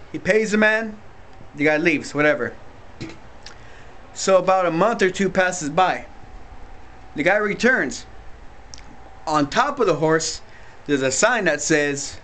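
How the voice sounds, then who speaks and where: High-voiced young man rambling through a joke. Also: measured pace, long pauses, fairly bright tone. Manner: rambling, self-amused, with asides. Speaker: amateur joke teller. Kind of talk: casual joke telling.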